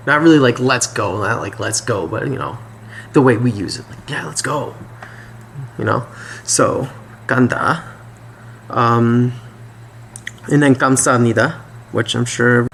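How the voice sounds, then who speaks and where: A language tutor talks through language points in loose, unscripted explainer commentary, thinking aloud with frequent ums, pauses, and restarts. His everyday middle-pitched voice is creaky and a bit bright, with a faint hiss behind him, as if recording at a home desk.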